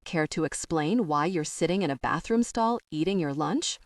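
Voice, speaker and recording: A woman's voice: low-pitched, animated, normal speed, no room sound, clean studio sound, distant mic. Brief: worried, nosy young friend, read by a woman. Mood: curious.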